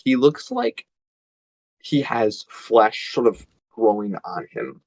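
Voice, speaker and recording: Man game master, easygoing, halting narration, dry close sound. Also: on the low side, wildly swooping pitch, no room sound, low-quality recording. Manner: casual, many fillers and restarts.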